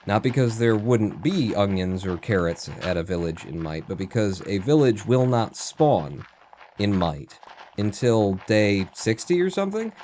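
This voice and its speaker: A man's voice: on the low side, very animated, measured pace, darkish tone, slight background noise. A man streaming a video game, chatting casually and muttering to himself as he plays, with the odd swear word. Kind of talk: casual gameplay commentary.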